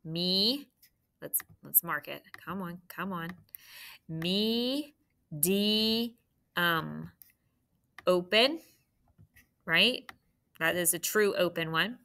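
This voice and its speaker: A woman's voice: fairly low pitch, lively intonation, pushed and bright. A woman teaching a phonics lesson to third graders, patient and encouraging. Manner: patient, encouraging, slow and clear. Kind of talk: phonics lesson for young students.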